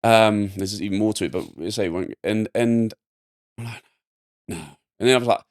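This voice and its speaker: A young man from England telling a personal story as a podcast guest, rambling and animated with lots of fillers. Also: on the low side, moderate pace. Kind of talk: casual storytelling.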